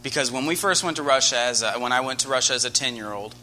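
A man's voice: mid-range voice, fairly quick, hardly any pauses, soft background music. An American man preaching a sermon, telling a personal story with earnest, rising energy. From United States. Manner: earnest storytelling, grows animated and loud.

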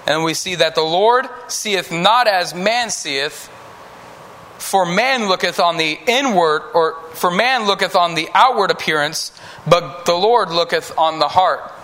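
High, bright-voiced man preaching to kids. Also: unhurried. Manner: conversational, acts out Bible characters in voices. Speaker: preacher teaching children. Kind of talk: children's sermon.

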